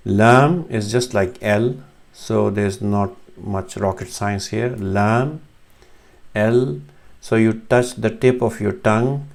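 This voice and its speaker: A man's voice: lowish voice, creaky, a little mellow. A man teaching Arabic letter sounds, patiently demonstrating each one and correcting himself as he goes. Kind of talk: slow instructional explanation.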